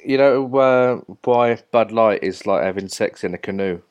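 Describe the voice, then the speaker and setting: A man's voice: on the low side, moderate pace, darkish tone, clean tone. A man with a Cockney accent chatting as a podcast regular, joking and easygoing. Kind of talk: casual chat.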